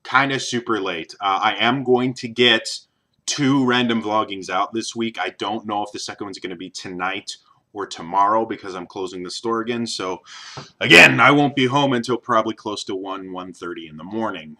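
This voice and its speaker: Bright-voiced young American man vlogging. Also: on the low side, normal speed. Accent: neutral General American. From American Midwest. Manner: rambling, many ums and restarts. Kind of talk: casual talk to camera.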